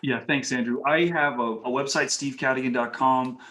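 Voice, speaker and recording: A man's voice: medium pitch, normal speed. Storytelling man on a podcast. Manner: animated anecdotes with quoted voices. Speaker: podcast guest. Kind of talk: casual storytelling interview.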